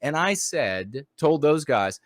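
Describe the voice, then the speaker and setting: A man hosting a commentary show, talking in a heated, mocking monologue that swings into loud outbursts. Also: on the high side, sing-song, slow, no room sound. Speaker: host.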